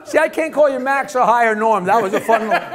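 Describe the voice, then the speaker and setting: A man's voice: very high voice, expressive, quick pace, fairly bright tone. A man hosting a live comedy show, telling brash jokes and laughing often on a club stage. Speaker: comedy host. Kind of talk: live stand-up banter.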